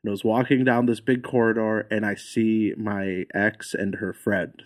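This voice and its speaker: A man's voice: on the low side, little pitch movement, normal speed. A man, a podcast guest, telling a travel story in casual chat.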